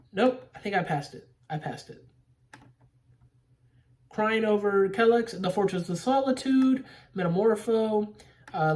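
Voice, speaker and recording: A woman reacting to a movie trailer in a rambling, profane, excitable fan chat. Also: lowish voice, recorded from a distance.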